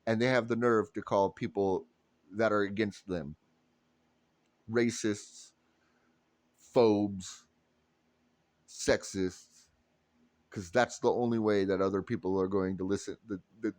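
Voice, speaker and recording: A man's voice: lowish voice, fairly even intonation, a little slow, long pauses, a little mellow, dry recording. A man delivering a heated, profane political rant straight to his audience. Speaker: political commentator. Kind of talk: ranting monologue to camera.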